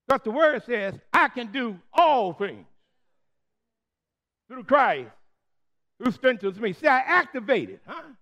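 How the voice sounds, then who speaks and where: A very high-pitched preacher leading a call-and-response sermon. He speaks slowly, drawing out the key words and leaving gaps for the congregation to answer. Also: fairly bright tone. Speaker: Methodist preacher.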